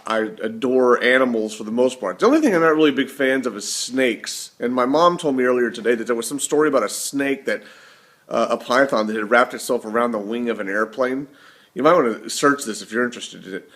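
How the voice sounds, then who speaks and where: Male vlogger, mid-pitched, loose rambling delivery that keeps correcting itself. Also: fairly quick, a bit bright. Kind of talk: casual monologue to camera.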